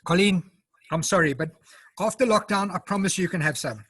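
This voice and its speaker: Fairly quick and high-set, his voice is a bit bright with a breathy edge, in a dry recording. He's a South African home cook presenting a casual live demo on a video call, chatting, explaining step by step, and eating as he talks.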